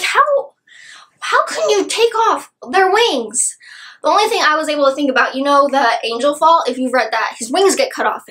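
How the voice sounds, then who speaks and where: A woman's voice: high-pitched, a bit bright, low-quality recording. A woman gushing about a book she loved in a casual, rambling review, full of "like" and asides.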